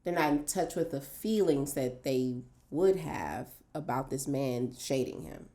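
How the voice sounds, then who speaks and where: A woman with a low voice asking pointed questions in casual chat. She teases as she presses her co-host for clear answers. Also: expressive, a little slow, dark tone. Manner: probing, questioning, teasing. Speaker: podcast co-host.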